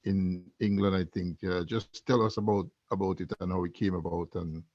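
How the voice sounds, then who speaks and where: A male host introducing a guest and asking questions in a halting way. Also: sits low, fairly even intonation, no room sound. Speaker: interviewer host. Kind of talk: interview questions. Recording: dull, dry, lo-fi sound.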